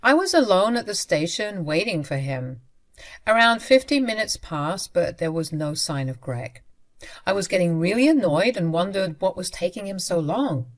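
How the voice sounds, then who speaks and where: A woman's voice: fairly low pitch, very animated, normal speed. A young adult woman narrating a first-person story in a conversational way, speaking directly to her listeners.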